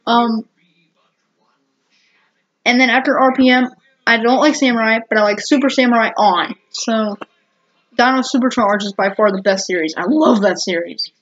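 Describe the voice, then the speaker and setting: A woman's voice: on the high side, moderate pace, long pauses. A woman vlogger chatting casually to camera, rambling and giggling with lots of fillers and restarts. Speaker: vlogger reviewing a TV episode. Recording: dull lo-fi home recording.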